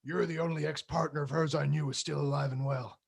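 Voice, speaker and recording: A man reading the part of a grim female vigilante superhero in a live comedy script reading, delivering threats with deadpan menace. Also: fairly high pitch, brisk, vocal fry, breathy edge, full character voice. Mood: urgent.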